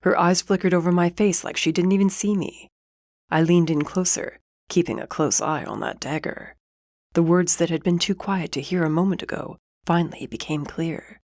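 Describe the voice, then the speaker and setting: A woman reads first-person fantasy audiobook narration at a steady, measured pace. Her voice sits on the lower side. The recording is very dry and close, with no room sound. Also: no room sound.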